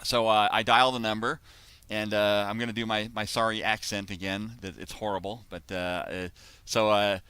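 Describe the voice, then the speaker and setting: A bright-toned American man tells a story in loose, rambling chat with plenty of restarts. His voice comes through crisp and clear. The sound is dry and close, as on a video call. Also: fairly low pitch, little pitch movement, moderate pace, dry recording. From United States. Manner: rambling, full of restarts and asides. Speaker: author and host.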